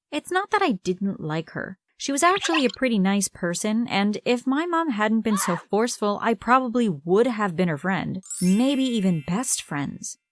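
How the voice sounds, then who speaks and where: A woman's voice: mid-range voice, no echo. A woman narrating a first-person story in a dramatic, emotive storytelling manner. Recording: clear background noise.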